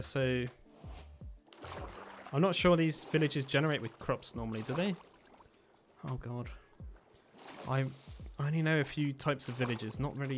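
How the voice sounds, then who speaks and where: A man giving chatty let's-play commentary as he plays, thinking aloud with excitable bursts. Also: medium pitch. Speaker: gaming video creator.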